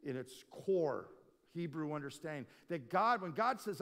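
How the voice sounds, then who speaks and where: A middle-aged man preaching as a lead pastor, telling stories with big swings from hushed to loud. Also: on the high side, unhurried. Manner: animated storytelling, swinging from quiet to loud. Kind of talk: sermon. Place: conference hall. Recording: long reverb of a large hall.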